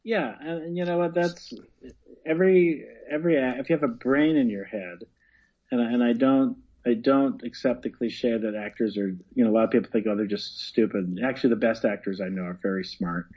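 Male acting-teacher guest, husky, earnest and explanatory, muffled lo-fi sound. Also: mid-range voice, brisk. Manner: earnest, explanatory, repeats words as he builds a point. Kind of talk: casual conversation.

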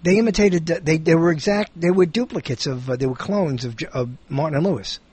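A man hosting a casual film chat, animated and jokey. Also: a little high, brisk, slightly rough. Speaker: podcast host.

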